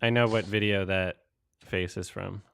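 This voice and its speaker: A man's voice: low voice, fairly even intonation, moderate pace, gravelly, fairly bright tone, smooth. A young man hosting a casual online hangout, thinking aloud as he reads through award results. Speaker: host. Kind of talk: casual chat.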